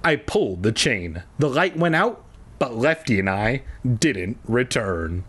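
A man's voice: medium pitch, very animated, a little slow, a bit bright, slightly rough. A tipsy man reading a children's book aloud and breaking off for crude, jokey asides. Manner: irreverent, jokey, swears freely. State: tipsy from drinking. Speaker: reader.

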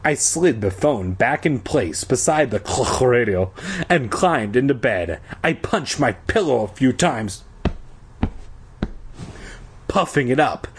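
Husky man reading a story aloud casually. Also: mid-range voice. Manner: informal, with asides and self-corrections. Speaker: reader.

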